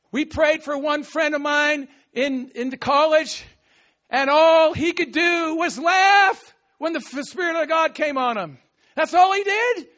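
Very high-pitched man delivering a lively, playful sermon with shouted acted-out lines. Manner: playful, acts out scripture quotes with shouts and laughs. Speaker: preacher. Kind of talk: animated sermon.

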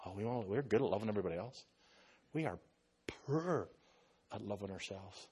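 A man with an Irish accent, a pastor preaching a sermon and telling stories in an animated way, slipping into other people's voices. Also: lowish voice, fairly quick, husky. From Ireland.

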